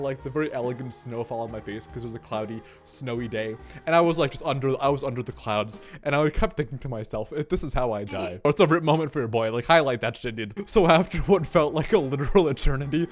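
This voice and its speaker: Young man telling an animated, sweary story. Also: on the high side, fast, few pauses. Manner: animated, swearing, comic exaggeration. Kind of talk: comic storytime.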